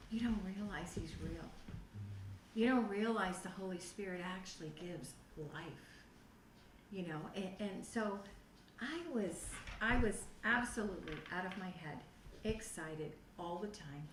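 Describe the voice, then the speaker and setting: Woman, middle-aged, personal testimony, animated storytelling, echoey hall, distant mic, faint noise. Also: medium pitch, unhurried. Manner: animated storytelling, acts out her own past reactions. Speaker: testimony speaker at a youth group. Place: church youth room.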